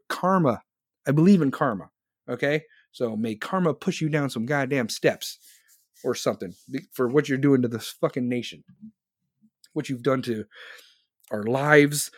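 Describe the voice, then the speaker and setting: A man's voice: mid-range voice, no echo, clean studio sound. A man in his forties hosting a live podcast, ranting angrily and bluntly with heavy swearing while reading chat. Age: 40s. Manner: angry, profane, blunt. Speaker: podcast host.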